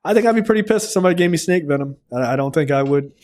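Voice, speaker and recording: A man co-hosting a film podcast, retelling the plot in a casual, filler-heavy way and jumping into high voices when he quotes the characters. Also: lively intonation, rapid-fire, a little mellow. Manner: profane, filler-heavy storytelling.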